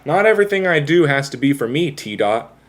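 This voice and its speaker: A man's voice: fairly high pitch, big pitch swings, a little fast. A man chatting casually with his livestream viewers, rambling, self-mocking and swearing freely. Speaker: live streamer.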